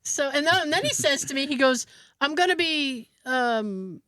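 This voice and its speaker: Woman, podcast co-host, casual storytelling, acts out quotes, fairly high voice, dry sound. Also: normal speed, no room sound. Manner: animated storyteller acting out quoted dialogue.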